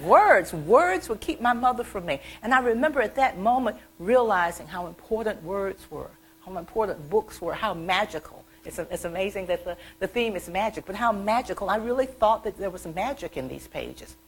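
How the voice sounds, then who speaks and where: A middle-aged woman from the American South, an author telling animated stories about her childhood at a library event. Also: mid-range voice, fairly quick, few pauses, slight background noise, poor audio. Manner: chatty, animated, acts out childhood quotes. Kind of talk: storytelling talk.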